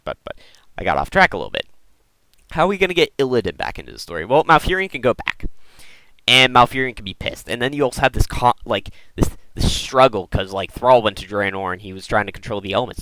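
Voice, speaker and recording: A man hosting a gaming video, excitedly rambling through lore theories and often repeating his words. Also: on the low side, fast, vocal fry, no echo, rough recording. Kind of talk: casual lore theorizing talk.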